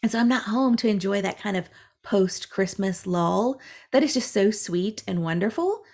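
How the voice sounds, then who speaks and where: A woman's voice: medium pitch, normal speed. A woman podcast co-host telling a personal story in casual, chatty talk, full of "like" fillers. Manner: chatty, animated, frequent "like" fillers.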